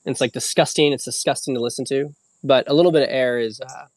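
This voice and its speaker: A man's voice: mid-range voice, steady tone, fast, no room sound. A man hosting a casual livestream, rambling loosely with frequent fillers and the odd swear word. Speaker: host.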